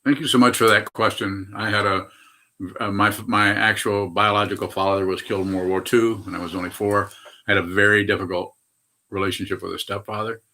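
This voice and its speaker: An older man in his eighties teaches meditation in a low, bright, forceful voice. He rambles through his answer, restarting and correcting himself as he goes. It sounds like an unhurried spiritual talk. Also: fairly even intonation. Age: 80s. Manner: rambling, frequent hesitations and self-corrections. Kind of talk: dharma talk answering questions.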